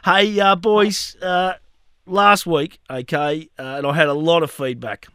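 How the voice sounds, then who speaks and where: A high-pitched man hosts a casual podcast, telling animated stories and breaking into laughter at his own jokes. The sound is dry and close, with no room around him. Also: measured pace, clean tone, no echo. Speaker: podcast host. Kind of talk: casual storytelling chat.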